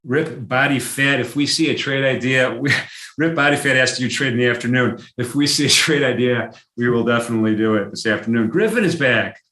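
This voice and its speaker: A man hosting a live trading stream in a roomy, echoey space, talking loosely through price charts. He restarts sentences and drops fillers often. He perks up with excitement when a chart surprises him. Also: mid-range voice, brisk. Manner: conversational, with frequent fillers and restarts; gets excited over charts. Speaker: market analysis host.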